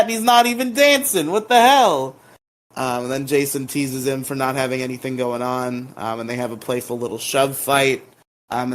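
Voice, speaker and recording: Man, casual recap chat, lots of ums, playful character voices. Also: a little hiss or hum. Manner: lively retelling, jumps into exaggerated high voices for characters. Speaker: podcast co-host recapping episodes.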